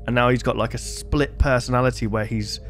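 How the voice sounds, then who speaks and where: A young man hosting a casual reaction video, chatty and quick to make joking asides. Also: medium pitch, steady tone, soft background music. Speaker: host.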